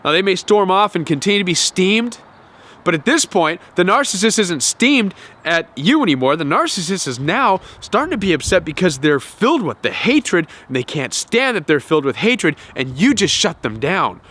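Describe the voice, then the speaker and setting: A man hosting a self-help talk to camera, animated, often acting out quoted voices and repeating words. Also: high voice, moderate pace. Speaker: self-help video host.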